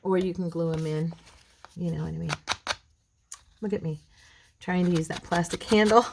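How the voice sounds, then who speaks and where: A middle-aged woman hosting a crafting video at home, chatting casually and rambling between tasks, clearing a frog in her throat. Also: lowish voice, moderate pace, background noise. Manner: rambling, chatty, addresses viewers as girls. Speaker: craft channel host.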